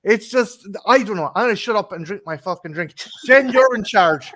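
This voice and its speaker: A man's voice: high-pitched, expressive, moderate pace, a bit bright. An Irish man co-hosts a loose, casual show. He talks in winding, restarting sentences full of swearing and keeps breaking into laughter as he goes. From Ireland. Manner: rambling, swears a lot, often laughs mid-sentence. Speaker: co-host. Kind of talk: casual chat.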